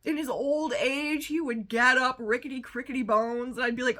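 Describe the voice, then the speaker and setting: Bright, sassy woman rambling on a podcast. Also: on the high side, measured pace, long pauses. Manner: rambling, sassy, lots of fillers. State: amped up on coffee. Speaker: podcast host. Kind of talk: casual solo chat.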